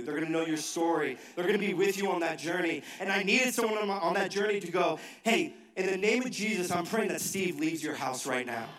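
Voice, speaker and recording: A man preaches a sermon in a high, carrying voice. He swings from shouted emphasis to hushed, low asides. The sound is roomy and echoey, caught from some way off the mic. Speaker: pastor. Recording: echoey hall, mic from a distance.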